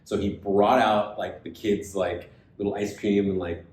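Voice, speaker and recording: A man co-hosting a podcast, retelling a story in casual chat and acting out the other people's lines. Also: a little slow. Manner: animated retelling, acts out quoted voices. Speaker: podcast co-host. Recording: echoey room with faint rumble.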